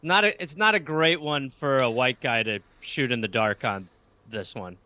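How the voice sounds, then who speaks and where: An American man, a comedian guest, chatting casually over a video call, riffing animatedly with rapid asides and swearing. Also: medium pitch, bright, forceful tone, no echo. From United States. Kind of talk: casual chat.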